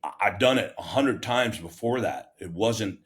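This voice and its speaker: A middle-aged man and fire captain, telling a story in a casual interview in an animated, self-mocking, plain-spoken way with many restarts. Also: on the low side, normal speed. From United States.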